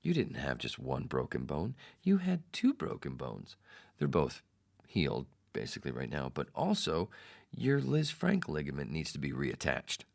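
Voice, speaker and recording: A man hosting a podcast, telling a personal story in a casual, animated way and putting on the voices of the people in it. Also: rumbling low, moderate pace, vocal fry. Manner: animated, mimics others in quoted lines. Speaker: podcast host.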